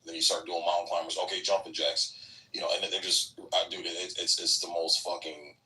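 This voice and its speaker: A man's voice: low voice, pushed and bright, distant mic, low-quality recording. A man who served as a recruit, telling rambling, profanity-laden stories in a casual chat. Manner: profane, rambling storyteller with many fillers.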